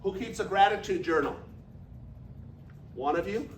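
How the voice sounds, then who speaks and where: A man in his fifties giving an energetic, folksy motivational talk to a business audience, leading them in call-and-response. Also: high voice, moderate pace, slight background noise. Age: 50s. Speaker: business speaker. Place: large echoey meeting room. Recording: echoey room recorded from far off.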